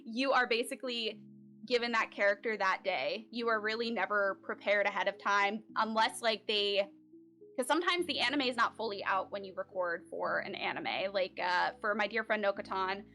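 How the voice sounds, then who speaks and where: Speaking at a moderate pace, this woman's medium-pitched voice sounds pushed and bright, with soft background music. She's a Central Florida voice actor giving a casual interview from a home recording setup, dropping plenty of "like" and "um" fillers.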